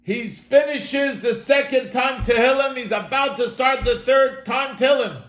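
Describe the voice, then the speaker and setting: A rabbi's extremely high, slightly bright voice unfolds unhurriedly as he teaches an online class from home through an earnest, dramatic story told sermon-style. He addresses listeners as "my friends," and the sound is reverberant.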